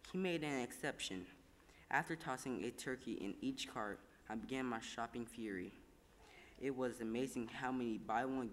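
Man calmly narrating in an echoing room. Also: medium pitch, slight background noise. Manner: calm, measured storytelling with small slips. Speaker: reader. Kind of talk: scripted narration of a first-person story.

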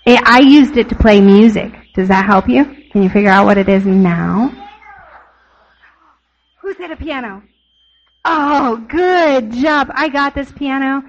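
A woman telling a children's sermon story, asking the children questions as she goes. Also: on the high side. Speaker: children's church teacher. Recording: dull lo-fi recording.

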